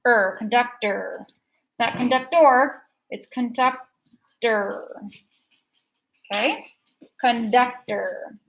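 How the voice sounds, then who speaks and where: A woman teaching a second grade phonics lesson, slowly repeating words to show which syllable is stressed. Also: fairly high pitch, a little hiss or hum, low-quality recording.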